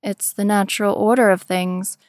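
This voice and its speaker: A woman voicing a young man who speaks softly and lightly, matter-of-fact and eerily detached, in a storybook reading. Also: mid-range voice, fairly even intonation, normal speed, dry recording, clean studio sound, natural voice. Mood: calm detached.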